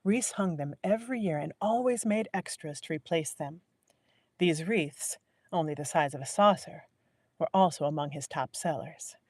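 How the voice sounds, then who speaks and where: A woman narrating a novel in a live audiobook reading, measured and willing to restart a line. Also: low-pitched, no room sound. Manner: measured, restarts lines to correct herself.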